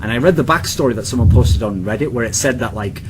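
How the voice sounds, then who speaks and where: A man's voice: medium pitch, fast, noisy background. A young British man hosting a casual chat show, rambling and profane, mocking others and slipping into silly voices. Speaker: podcast host.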